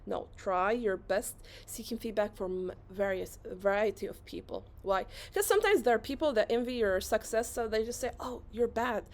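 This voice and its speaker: A woman whose first language is Arabic, giving a fast-paced, energetic motivational talk at an online conference and repeating phrases for emphasis. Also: medium pitch. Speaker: conference speaker. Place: online session.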